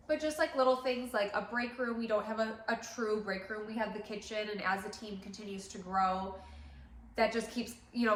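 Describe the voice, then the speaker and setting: A woman's voice: mid-range voice, pushed and bright, slight background noise. A woman in her thirties who owns a salon, chatting casually and emotionally to camera, tearing up, with lots of fillers. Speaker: salon owner. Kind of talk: casual vlog chat to camera. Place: salon interior. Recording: roomy echo.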